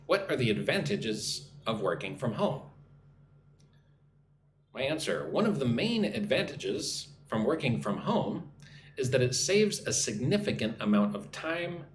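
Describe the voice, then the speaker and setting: A male English teacher on a live stream, reading viewers' chat messages and modelling exam answers with pronunciation drills. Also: mid-range voice. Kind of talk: live-streamed speaking lesson. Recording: roomy echo, faint background noise.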